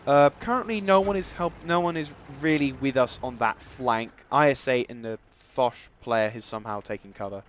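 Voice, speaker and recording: A man giving rambling, self-deprecating live commentary over a tank game, with sudden excited outbursts. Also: medium pitch, moderate pace, few pauses, slight background noise. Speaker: gameplay commentator. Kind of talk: casual live gameplay commentary.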